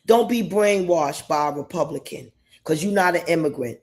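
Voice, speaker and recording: Hosting a livestream, this man from New York State rambles through his opinions emphatically, circling back to the same points again and again. He talks at a moderate pace in a slightly high voice.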